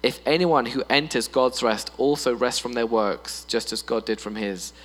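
A man preaching a sermon in a church hall, animated and playful, often putting on voices for humor. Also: mid-range voice, normal speed. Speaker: pastor. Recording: long reverb in a hall with mains hum.

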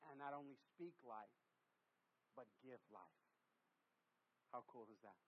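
A man in his thirties from the US West Coast preaching a sermon to a congregation, animated and jokey, with lots of repetition and restarts. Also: mid-range voice, unhurried. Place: church hall with congregation. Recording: dull lo-fi sermon recording.

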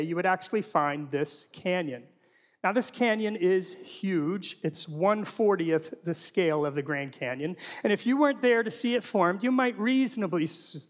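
A middle-aged man giving a humorous teaching presentation to a live audience, full of rhetorical questions and jokey asides. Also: high-pitched. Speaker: Christian apologetics speaker. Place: large hall before a live audience. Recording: long reverb of a large hall.

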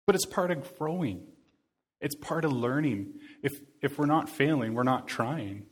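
A man's voice: mid-range voice, animated, unhurried, husky. Man preaching a casual, earnest sermon. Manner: earnest, conversational, with repeated phrases.

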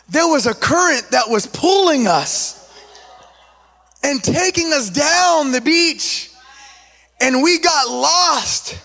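A man with an East Los Angeles accent and a strikingly high voice preaches a sermon, telling an animated story, acting out the quotes and tossing in casual asides. A long reverb rings around his voice.

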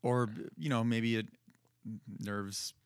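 A man's voice: mid-range voice, steady tone, takes it slowly, clear, resonant tone, no echo. Wisecracking man, dry close sound. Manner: wisecracking, laughs often. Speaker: podcast co-host. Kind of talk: casual chat.

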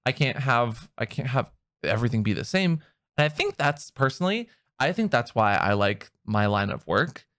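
A man chatting casually as a co-host, his pitch bouncing around a lot as he teases and jokes. His voice sits in a middle register and sounds close and dry, with no room around it. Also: sing-song, a bit bright, dry recording. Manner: playful, teasing, quick to joke. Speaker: podcast co-host and online content creator. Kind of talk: casual chat.

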